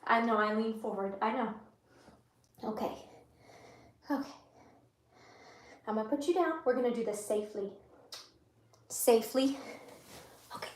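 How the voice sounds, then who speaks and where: A woman's voice: a little high, unhurried, pauses often. A woman hosting a casual late-night live stream, chatting to viewers and cooing to her pet rabbits. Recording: roomy room with faint noise.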